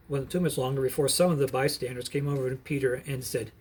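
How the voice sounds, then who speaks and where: Man, middle-aged, husky, earnest Bible storytelling, explanatory asides. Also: mid-range voice, fast talker, few pauses.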